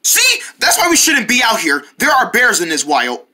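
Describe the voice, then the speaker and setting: A woman voicing an anxious male turtle who frets constantly and rushes his warnings. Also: on the high side, wildly swooping pitch, bright, forceful tone, full character voice. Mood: worried.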